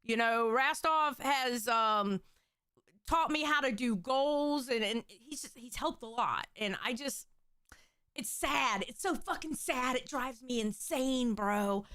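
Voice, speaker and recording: A woman hosting a casual livestream chat, reading viewer messages aloud, animated and swearing casually. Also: fairly high pitch, takes it slowly, clear, resonant tone, dry recording, clean studio sound. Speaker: host.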